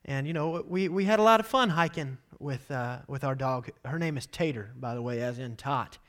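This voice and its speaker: A man in his thirties, a pastor giving a sermon with animated storytelling. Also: medium pitch, normal speed. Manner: animated storytelling, acts out quotes loudly.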